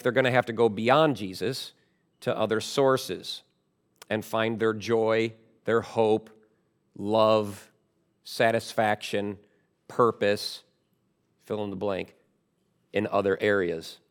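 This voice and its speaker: A man preaching a sermon as pastor, emphatic, with loud stressed words and quieter asides. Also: medium pitch.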